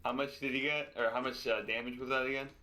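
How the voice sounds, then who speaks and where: A man's voice: mid-range voice, fairly even intonation, quick pace, pushed and bright. A man playing in a live-streamed tabletop game, laying out his character's moves matter-of-factly.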